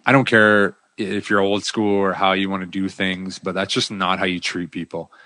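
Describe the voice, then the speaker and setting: A man's voice: deep voice, flat delivery, moderate pace, bright, forceful tone, no room sound. A man who is a former pro hockey player, speaking as a podcast guest in a blunt, candid, casual way. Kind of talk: casual interview chat.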